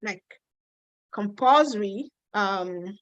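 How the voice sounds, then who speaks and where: A woman's voice: mid-range voice, animated, extremely slow, a bit bright, no echo, lo-fi sound. A woman with a Nigerian accent hosting a casual live stream, reading out viewer questions and answering them frankly, with some teasing.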